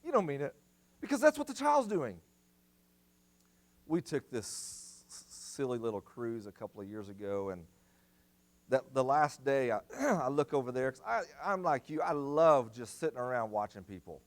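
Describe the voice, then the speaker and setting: Emphatic preaching man, lively pitch. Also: moderate pace. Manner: emphatic preaching, repeats commands for stress. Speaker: guest speaker at family seminar. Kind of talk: sermon. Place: church.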